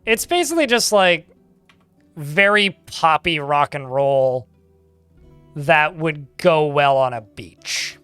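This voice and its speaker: Young male streamer, chatty and dry, a touch sarcastic, slightly high clean voice over faint music. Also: animated, slow, a bit bright, clear, resonant tone, dry recording. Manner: dry, sarcastic-sounding delivery. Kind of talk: casual livestream chat while gaming.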